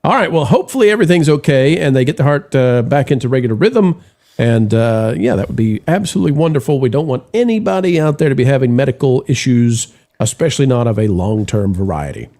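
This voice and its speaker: Animated man hosting a live show. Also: medium pitch, fast talker. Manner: rambling, full of fillers and restarts; reads viewer messages aloud. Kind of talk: casual live-stream chat.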